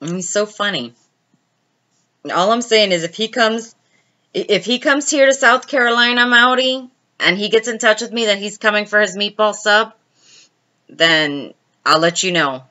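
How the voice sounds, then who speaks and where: A woman's voice: mid-range voice, moderate pace, pushed and bright, lo-fi sound. A woman hosting a casual live stream, chatting and laughing as she answers viewers' comments by name.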